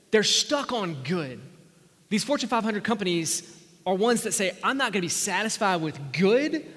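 A pastor preaching a sermon in an earnest, conversational way, sometimes dropping to a near whisper. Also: male voice, sits high, fairly bright tone. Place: church sanctuary. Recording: long church-hall reverb.

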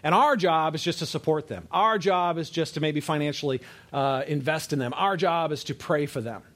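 A man preaching a sermon to a congregation, conversational and emphatic, dropping low and soft on key words and checking that listeners follow. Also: moderate pace. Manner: conversational, builds to emphatic rises, asks audience to follow; frequent fillers and restarts, drops low and soft on key words.

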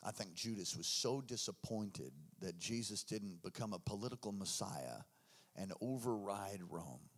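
A man preaching a sermon, telling his story with acted-out voices and shouts. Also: on the low side, expressive, a little slow. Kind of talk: sermon testimony.

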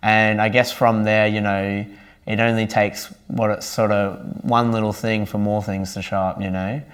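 A young man with a somewhat low voice tells his faith story in an earnest, easygoing way. He speaks casually and warmly about his own experiences, like a member sharing his testimony with his church. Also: flat delivery, normal speed, clear, resonant tone. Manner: earnest and conversational.

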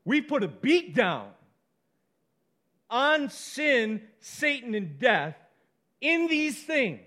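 A man preaching a sermon, emphatic and passionate, rising to loud peaks and dropping to quiet asides. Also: very high-pitched, big pitch swings, drawn-out words. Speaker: pastor.

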